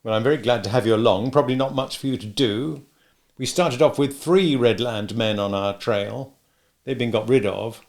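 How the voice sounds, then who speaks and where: A man voicing a cool, brisk British secret agent in an audiobook, giving orders in a businesslike way. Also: mid-range voice, natural voice. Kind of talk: audiobook character voice.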